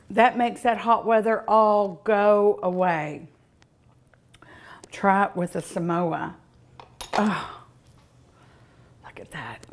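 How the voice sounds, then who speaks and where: Leisurely woman cooking-show host, folksy and chatty, lingering over each taste with long mms. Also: medium pitch. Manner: savoring, lots of drawn-out mms and ohs. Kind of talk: casual cooking show tasting. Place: outdoors at home by the pool.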